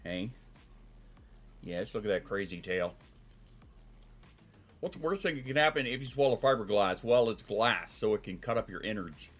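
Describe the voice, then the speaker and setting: A man's voice: on the low side, animated, normal speed, pauses often, fairly bright tone. A man chatting casually on a live stream, loose and profane, talking to his pets between comments.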